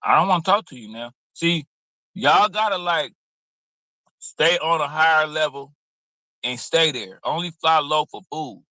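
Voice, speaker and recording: A man's voice: on the high side, lively intonation, a little slow, bright, forceful tone, no room sound, low-quality recording. A man giving blunt, preachy, streetwise commentary in a casual reaction video, cursing freely. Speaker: commentary host.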